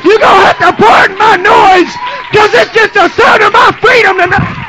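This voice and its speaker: A preacher voicing a joyful old blind beggar, shouting his testimony in bursts with a "huh" after each phrase. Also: very high voice, steady tone, normal speed, a loud crowd, pitched above the performer's own voice, poor audio. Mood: jubilant. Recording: loud congregation cheering behind.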